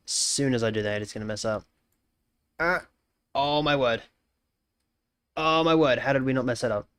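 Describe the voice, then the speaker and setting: A man's voice: medium pitch, normal speed, fairly bright tone, clean tone, dry recording. An Australian man live-streaming, casually greeting chatters and thinking aloud while he works, often repeating his phrases.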